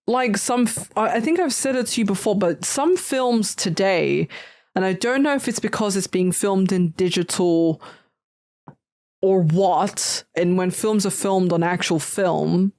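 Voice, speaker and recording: A woman's voice: medium pitch, unhurried, a little mellow, no room sound. A woman co-hosting a podcast in casual chat, exclaiming often and musing aloud. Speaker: podcast co-host.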